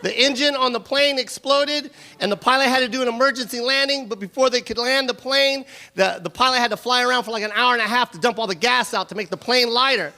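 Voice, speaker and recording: A male stand-up comedian performing a loud, animated, profane routine on stage. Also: very high voice, quick pace, creaky, hardly any pauses. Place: comedy venue stage before a live audience. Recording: live stage recording with crowd laughter and noise.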